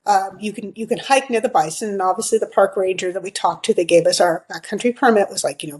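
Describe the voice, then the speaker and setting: She speaks fast, with hardly any pauses, in a medium-pitched voice with a darkish tone, and the audio is poor. A middle-aged podcast guest, she tells a casual, chatty story full of fillers and acted-out quotes.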